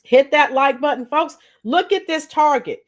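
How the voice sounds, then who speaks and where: A middle-aged woman hosting a casual livestream, greeting viewers by name, her voice a little strained and clearing her throat often. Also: high voice, lively intonation, normal speed, lo-fi sound. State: slightly strained voice after a week of teaching. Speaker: livestream host. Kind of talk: casual live chat with viewers.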